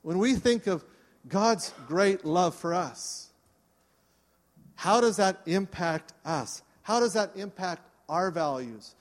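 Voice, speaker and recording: A man preaching a sermon to his congregation, earnest and inviting them to respond. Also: high-pitched. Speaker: pastor. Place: church service. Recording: long reverb of a church hall.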